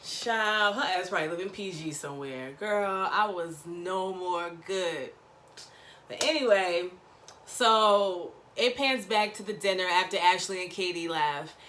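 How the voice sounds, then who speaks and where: A woman recapping a reality show in a gossipy, slangy, animated chat, acting out quotes. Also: lowish voice, measured pace, slight background noise.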